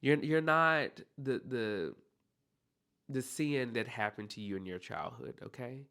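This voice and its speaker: A man's voice: medium pitch, unhurried, creaky, sharp tone, clean tone. A man hosting a solo podcast, talking earnestly and encouragingly straight to the listener. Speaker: podcast host.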